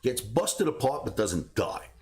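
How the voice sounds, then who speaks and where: A man hosting a trading show, telling a personal story in a casual, animated way and laughing between beats. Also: mid-range voice, a little slow. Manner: animated, laughs through his own stories. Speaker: trading academy host.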